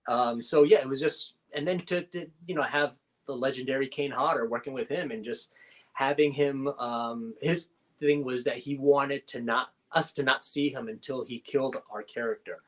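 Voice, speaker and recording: A middle-aged man, an actor as a guest in a casual interview, telling animated anecdotes with quick laughs. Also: mid-range voice.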